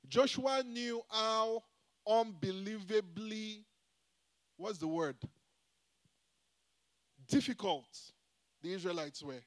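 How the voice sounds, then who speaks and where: A man's voice: sits high, slow, pauses often. A man preaching a sermon, emphatic, often calling out to the congregation for a response. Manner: call-and-response, repeatedly asking the congregation "Hello?"; emphatic with swings in loudness and pace.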